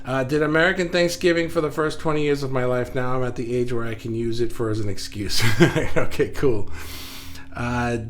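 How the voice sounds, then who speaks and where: A man hosting a casual live stream, reading viewer comments aloud and thinking out loud with many restarts, recorded indoors under studio lights. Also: mid-range voice, steady tone, normal speed, slight background noise. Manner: rambling, self-correcting, reflective. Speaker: livestream host. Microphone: facing camera, reading viewer comments.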